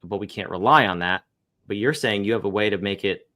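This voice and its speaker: Lower-voiced male host thinking aloud. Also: brisk, pushed and bright. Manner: restarts and repeats words as he thinks aloud. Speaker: podcast host. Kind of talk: casual interview.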